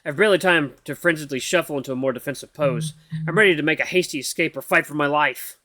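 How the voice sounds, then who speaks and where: A man's voice: a little high, fast, bright, forceful tone, dry recording. A gaming YouTuber, a man, reads a visual novel aloud in a casual, tired way and sometimes stumbles over the words.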